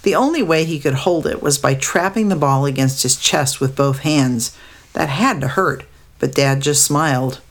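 A woman narrating a storybook aloud in a steady, descriptive way. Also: sits low, normal speed.

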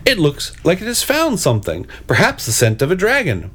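A man's voice: on the high side, huge pitch swings, a little fast, fairly bright tone, slight background noise, pitched above the performer's own voice. A man doing a pompous, boastful male bird knight. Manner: pompous, declamatory. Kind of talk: storybook reading.

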